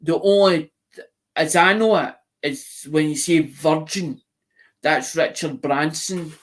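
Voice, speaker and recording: A man's voice: fairly high pitch, slow, fairly bright tone. A man with a Scottish accent, chatting casually and rambling as the host of an online auction channel, restarting and repeating himself.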